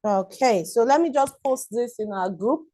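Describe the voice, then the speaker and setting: Lady hosting a live online class, bit high voice, super excited, dry close sound. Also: normal speed, dry recording, poor audio. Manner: enthusiastic, repetitive, greets viewers by name.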